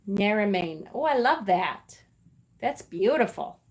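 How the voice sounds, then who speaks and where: A woman's voice: medium pitch, animated, measured pace. A middle-aged woman hosting a casual live stream, chatty and affectionate, with many fillers and emotional asides. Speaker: livestream host.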